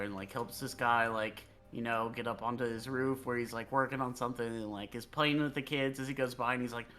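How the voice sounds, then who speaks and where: A man's voice: medium pitch, steady tone, brisk, few pauses, pushed and bright, soft background music. Rambling man narrating his game turn. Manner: rambling, filler-heavy. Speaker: player. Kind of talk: describing actions in a tabletop game.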